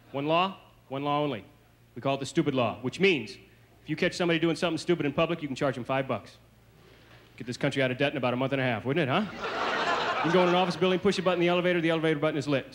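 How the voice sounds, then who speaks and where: A man from the American South doing a stand-up comedy routine on a TV stage, with a brisk, punchy delivery. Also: a little high. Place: comedy stage before a live audience. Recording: noisy 1980s TV stage recording.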